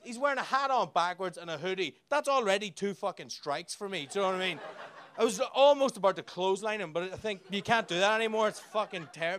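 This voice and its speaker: An Irish man on a comedy club stage, firing off profane stand-up with a raised, high-pitched voice. He talks brashly and teases the audience, close on a handheld mic. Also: fairly bright tone. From Ireland. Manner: brash, profane, rapid banter with the crowd.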